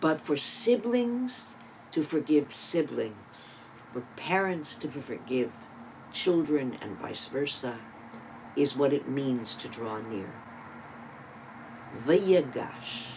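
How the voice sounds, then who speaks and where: Taking it slowly with big swings in pitch, a Torah teacher dramatizes a scripture story in a sermon through sudden changes in volume and emphasis, plus asides and rhetorical questions. The voice is mid-range, and the poor audio has a little hiss or hum.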